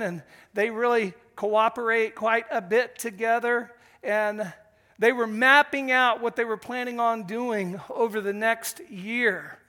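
An older man telling a story in an earnest, emotional sermon style, pausing as he speaks. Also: extremely high pitch, sharp tone.

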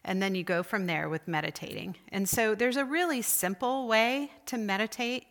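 Woman teaching a church class, chatty, asks the room questions, bright clear voice. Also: medium pitch, normal speed. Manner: conversational, asks the group questions. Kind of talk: church lecture.

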